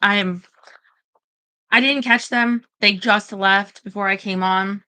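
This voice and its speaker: A woman's voice: medium pitch, fairly even intonation, slow, sharp tone, clean tone. A woman rambling anxiously in casual livestream chat, talking straight to her viewers.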